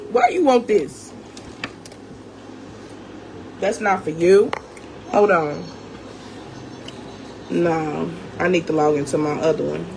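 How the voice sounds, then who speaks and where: A woman's voice: on the low side, animated, takes it slowly, gravelly, pauses often, a little mellow, slight background noise. A young woman in an angry storytime rant, profane and confrontational, talking straight to her viewers. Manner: calls viewers "gang", talks straight to them. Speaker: vlogger.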